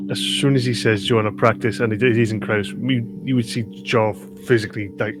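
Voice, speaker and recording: A man's voice: mid-range voice, steady tone, fairly quick. A man at a tabletop game, joking and playful, with a voice in the middle range. He describes his character's reactions animatedly. Faint music plays behind him. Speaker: player.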